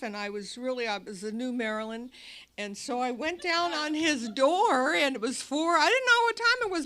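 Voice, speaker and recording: A woman's voice: on the high side, bright, forceful tone. A woman telling her recovery story to an audience in a meeting hall, animatedly acting out her past cries and other people's lines. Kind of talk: personal recovery talk to an audience.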